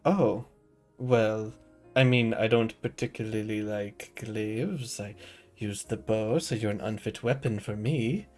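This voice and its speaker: A man's voice: fairly low pitch, slow, a little mellow, soft background music. A man playing in a tabletop game, answering an insult in an indignant, defensive way. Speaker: player. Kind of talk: casual tabletop role-play.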